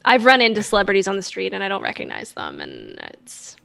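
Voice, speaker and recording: A woman's voice: medium pitch, wildly swooping pitch, fast, creaky, a crowd in the background. A woman musician guest, telling stories in a casual, rambling, self-deprecating way. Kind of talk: casual storytelling chat.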